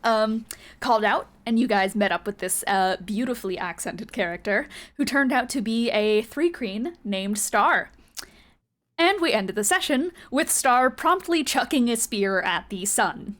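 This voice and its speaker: A woman's voice: fairly high pitch, expressive, unhurried, a bit bright. A woman running a tabletop game as game master, moving from a casual, giggly recap full of swearing into descriptive narration.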